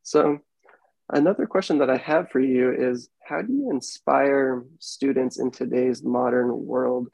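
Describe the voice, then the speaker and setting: A man's voice: mid-range voice, measured pace, vocal fry, a little mellow, no echo, low-quality recording. A young man hosting a podcast, chatting casually with a lot of fillers and rambling asides. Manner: rambling, filler-heavy, laughs easily. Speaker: podcast host. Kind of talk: casual interview chat. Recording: dry close podcast mic.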